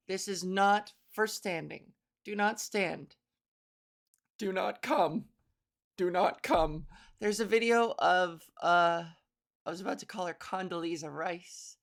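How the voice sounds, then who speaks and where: A young woman hosting a solo comedy podcast, playful and rambling with mock-theatrical asides. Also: mid-range voice. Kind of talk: casual solo comedy monologue.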